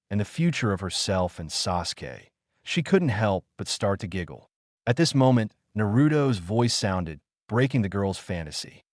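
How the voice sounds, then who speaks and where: A man narrating a translated web novel audiobook in an animated storytelling manner. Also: on the low side, dry recording, clean studio sound.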